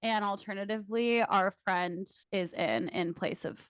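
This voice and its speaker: A woman's voice: mid-range voice, normal speed, clean tone, no echo, studio quality. A young woman co-hosting a podcast, telling stories in casual chat, laughing often and swearing. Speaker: podcast co-host.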